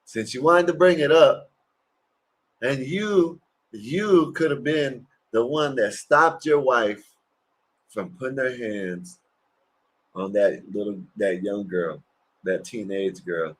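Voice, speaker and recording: A man's voice: mid-range voice, slow pace, pauses often, a little hiss or hum. A man hosting a livestream, giving rambling, crude, mocking reactions to clips. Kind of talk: casual profane reaction commentary.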